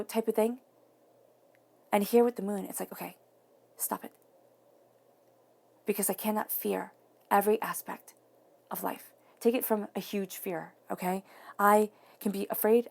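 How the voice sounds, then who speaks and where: A woman's voice: medium pitch, vocal fry, a little mellow. A woman giving an earnest, encouraging tarot reading to viewers, repeating phrases for emphasis. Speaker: tarot reader.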